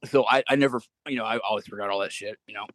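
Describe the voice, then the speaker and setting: A man talks at a fast clip, telling profane anecdotes as a podcast guest. His voice is recorded close, with a dry sound and no room. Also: on the low side, a bit bright, no room sound. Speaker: guest, former Marine. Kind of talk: casual storytelling.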